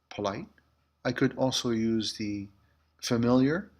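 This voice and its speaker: A man teaching a language lesson as a French teacher in a school building, patiently repeating each phrase slowly. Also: mid-range voice, expressive, a bit bright.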